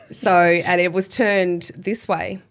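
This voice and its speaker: A woman's voice: fairly low pitch, steady tone, slow pace. A woman guest telling a personal story in a casual interview, chatty with lots of fillers and self-deprecating laughs.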